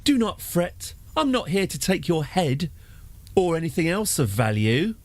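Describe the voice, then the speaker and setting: A smug medieval ruler talks down to his captive in a sly, mock-soothing tone, as a man reads game text aloud in character. The voice sits higher than a plain speaking voice, and the pitch swings widely as he hams it up. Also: very animated, measured pace, no echo. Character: smug male medieval ruler taunting a prisoner.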